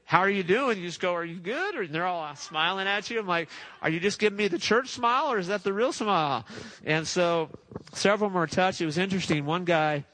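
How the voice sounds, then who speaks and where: A man's voice: mid-range voice, no echo, rough recording. A man preaching a sermon, telling a testimony story in a chatty way, chuckling and acting out what people said. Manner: chatty, laughs at his own story, acts out voices. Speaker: pastor.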